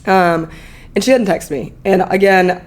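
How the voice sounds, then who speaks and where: A woman's voice: mid-range voice, measured pace. A woman in her thirties, a podcast guest, telling a personal story candidly in a chatty, emotional way full of fillers.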